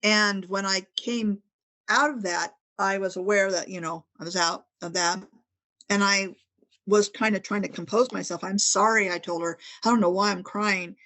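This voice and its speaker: A woman's voice: medium pitch, moderate pace. A middle-aged woman, a guest author on a paranormal podcast, telling a personal story in casual conversation and acting out the dialogue of others. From Northern California. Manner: animated storytelling, quoting others in dialogue, frequent restarts.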